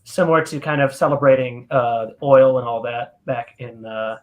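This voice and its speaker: A man's voice: mid-range voice, moderate pace, darkish tone. A man co-hosting a live podcast, joking with guests and steering the talk back to the book. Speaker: podcast co-host. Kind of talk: casual banter on a live podcast.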